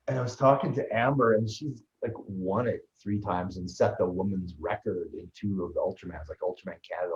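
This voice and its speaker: A man, a guest on an interview show, telling his story in a lively, fast way with many restarts. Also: fairly low pitch. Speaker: guest, ultraman athlete and trainer. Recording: roomy, slightly dull sound.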